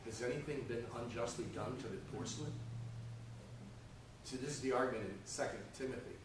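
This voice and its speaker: A man's voice: mid-range voice, brisk, far from the mic, noisy background. A man teaching a conversational Sunday school Bible lesson, often checking in with his class by asking "okay?" and "right?". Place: church classroom. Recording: echoey room, voice from off-mic.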